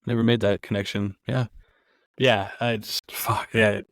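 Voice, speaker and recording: A man hosting a podcast, casually recapping a film scene and acting out its lines in a quieter voice. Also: on the low side, fairly even intonation, a little slow, no room sound. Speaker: podcast host.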